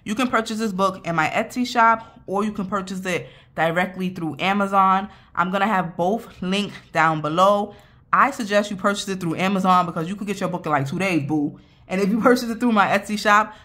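A woman's voice: medium pitch, a little fast, a bit bright. A young woman hosting a budgeting vlog, chatty and playful, speaking straight to her viewers and a little out of breath. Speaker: budgeting channel host. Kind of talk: casual vlog talk.

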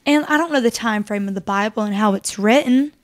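A young woman co-hosting a faith podcast, talking in an animated, chatty way with lots of fillers. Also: mid-range voice, fairly quick. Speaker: podcast co-host. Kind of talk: casual faith discussion.

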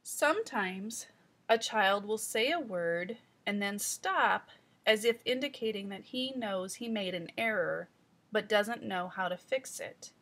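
A woman reading teacher giving calm, step-by-step instructional narration. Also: mid-range voice, measured pace. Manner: calm, explanatory, guiding the listener step by step.

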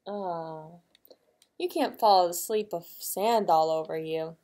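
A woman librarian reading a picture book aloud to young children, gently asking them questions. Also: lowish voice, slow.

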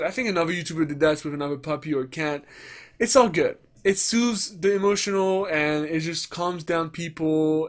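A man rants through a commentary vlog, swearing freely and mimicking the people he criticizes. His speaking voice sits high for a man. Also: fairly bright tone. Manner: ranting, profane, mocks others in put-on voices. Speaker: gaming commentator.

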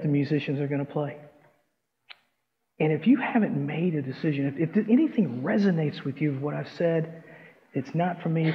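A man preaches in a relaxed, folksy way, telling stories and slipping into their voices. His voice sits fairly high. The recording is a little muffled, with reverb ringing through a church sanctuary. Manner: folksy, conversational, acts out story voices. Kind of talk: sermon with storytelling.

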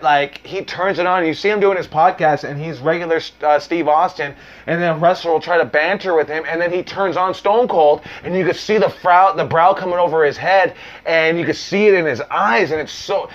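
A man's voice: on the high side, highs cut off. A man coaching on wrestling promos in a loose, casual talk, full of fillers, restarts and the odd swear word. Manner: uses mild profanity.

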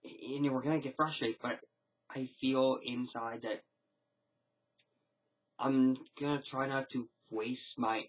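Male vlogger, husky timbre, casual to-camera rambling, hesitant with many restarts. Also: medium pitch, fairly even intonation, slow pace, pauses often, fairly bright tone, poor audio. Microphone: camera mic.

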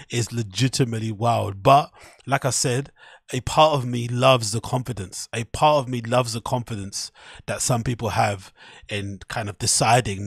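A man hosting a podcast, reacting to a clip in casual, animated commentary full of swearing and mocking quotes. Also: medium pitch, moderate pace, vocal fry, breathy edge, no echo, studio quality. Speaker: podcast host reacting to clips.

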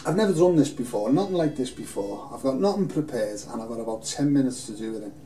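Rambling, earnest man, dark gravelly voice, recorded from a distance in a roomy studio. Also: medium pitch, expressive, fast. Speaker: campaigner making an appeal video. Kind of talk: unscripted personal appeal. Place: film studio in front of a green screen. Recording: roomy, distant mic, faint hiss.

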